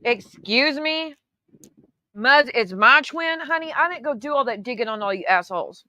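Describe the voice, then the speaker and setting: A woman's voice: high voice, animated, normal speed, pushed and bright, dry recording, dull audio. A woman hosting her own channel, giving sarcastic, profanity-laced casual commentary on clips. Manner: sarcastic, profane, calls people honey. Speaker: YouTube host reacting to clips.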